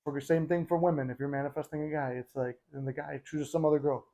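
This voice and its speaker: A man's voice: a little high, little pitch movement, fast, dark tone. A man hosting a casual motivational talk, speaking conversationally and bluntly with the odd swear. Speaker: host.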